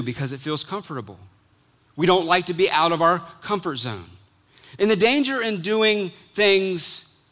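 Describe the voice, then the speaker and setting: A middle-aged man preaching a sermon as pastor, animated, acting out quotes and dropping suddenly quiet. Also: on the high side.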